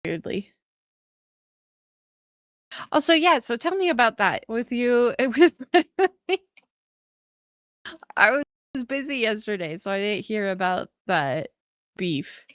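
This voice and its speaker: A woman on a voice call with a high voice that bounces around a lot in pitch. She teases and giggles her way through the chat, and the sound is close and dry. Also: big pitch swings, slow, long pauses, fairly bright tone, no echo. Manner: teasing, giggly. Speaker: friend on voice chat. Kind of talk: casual chat.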